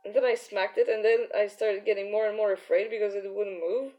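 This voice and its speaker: A woman's voice: mid-range voice, fairly even intonation, brisk, dull audio, faint music behind. A young woman chatting casually and giggling often while streaming her art. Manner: giggly, chatty, many fillers. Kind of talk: casual live-stream chat.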